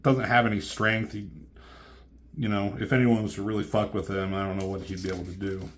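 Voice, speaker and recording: Low-voiced man rambling through a comic recap. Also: little pitch movement, fairly quick. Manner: rambling, profane, many ums and restarts. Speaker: comic book reviewer. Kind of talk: casual comic book recap.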